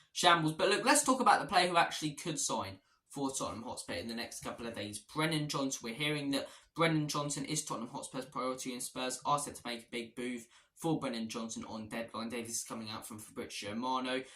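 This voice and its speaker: A man's voice: medium pitch, quick pace, bright, forceful tone. Ranting man in an echoey room. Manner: exasperated, repetitive ranting. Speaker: football fan vlogger. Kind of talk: ranting transfer-news vlog. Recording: roomy echo.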